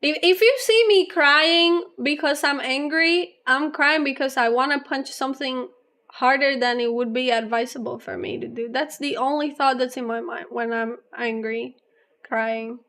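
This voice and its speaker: A young adult woman streamer chatting casually with her live chat, rambling on at length and laughing often, a little low on energy. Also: steady tone, normal speed, a bit bright. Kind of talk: casual livestream chat, reading chat aloud.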